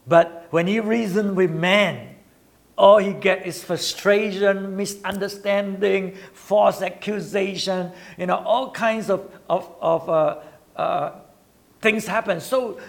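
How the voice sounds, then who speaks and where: A man with a high voice preaching a sermon. He speaks earnestly and haltingly, repeating words as he pushes toward each point. His voice climbs as his emphasis grows.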